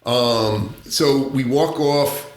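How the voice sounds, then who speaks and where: Animated male storyteller in a roomy studio. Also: very slow. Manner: animated storyteller, acts out voices in high tones, laughs often, swears. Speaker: podcast guest, former narcotics agent. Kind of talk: casual storytelling.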